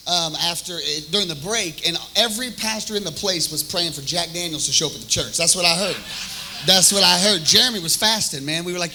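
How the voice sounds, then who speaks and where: High, bright-voiced energetic pastor. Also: male voice, a little hiss or hum, rough recording. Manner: energetic, exclamatory, call-and-response. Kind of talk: sermon. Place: church hall before a live congregation.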